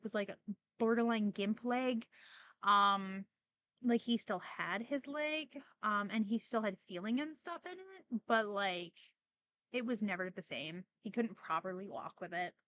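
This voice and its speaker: A woman's voice: a little high, big pitch swings, unhurried, fairly bright tone, no echo. A young woman hosting a podcast, talking casually and emotionally with many fillers and restarts, near tears at times. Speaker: podcast host. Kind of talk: casual personal monologue.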